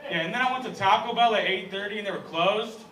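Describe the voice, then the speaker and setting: A man's voice: sits high, fast. A young American man performing a live stand-up set, self-deprecating and chatty with the crowd. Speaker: stand-up comedian. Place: comedy club stage. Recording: echoey room from far off with loud crowd noise. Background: audience laughter.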